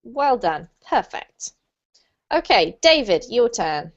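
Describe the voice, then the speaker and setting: A woman's voice: fairly high pitch, very animated, takes it slowly. A woman teaching English pronunciation to an online group class, encouraging and praising her students. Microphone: video call. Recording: muffled lo-fi video call audio.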